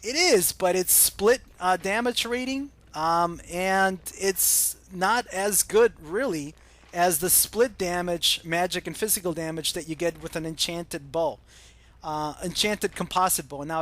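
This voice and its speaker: An American man hosting a gaming channel, chatting casually through viewer comments and pausing often with ums and uhs. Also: sits high, fairly bright tone. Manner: hesitant, many ums and uhs.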